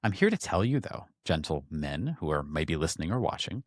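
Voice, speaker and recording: A man co-hosting a podcast, who cuts in to make earnest, animated points. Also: very deep voice, fairly quick, no echo, studio quality. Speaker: podcast co-host. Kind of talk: casual discussion.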